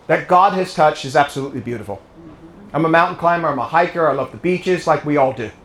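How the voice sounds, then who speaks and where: With a high, slightly bright voice and a British accent, a guest speaker born in England talks politics to a club audience. Live in a private home, the echoey recording captures him telling stories, rallying people and quizzing the crowd.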